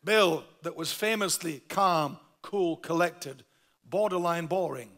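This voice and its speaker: A Yorkshire man delivers a sermon in a high, gravelly voice. His tone is bright and forceful, and he leans hard on key words as he tells a humorous story. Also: slow pace. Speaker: pastor.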